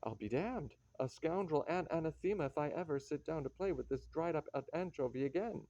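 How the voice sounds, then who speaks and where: A man's voice: on the high side, expressive, a little fast, warm tone, no room sound, natural voice. A man voicing an indignant, hot-tempered middle-aged card player in a radio play, in a slightly dull dry recording. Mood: furious. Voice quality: indignant, blustering.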